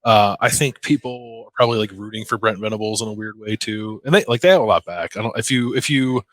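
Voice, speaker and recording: A man co-hosting a casual sports podcast, chatty and quick to laugh, with lots of fillers. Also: lowish voice, fairly bright tone, no room sound. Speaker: podcast co-host.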